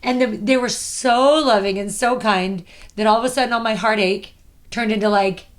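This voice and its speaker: A woman with a fairly high voice tells a personal story on a podcast. Her delivery is earnest and heartfelt, in casual conversation. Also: moderate pace. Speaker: podcast host. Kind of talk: casual chat.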